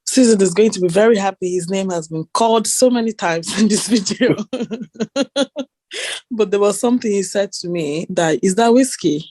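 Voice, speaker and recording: A woman's voice: mid-range voice, normal speed, darkish tone, dry recording. A woman co-hosting a casual chat, giggly and hesitant, often searching for her words. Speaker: podcast co-host.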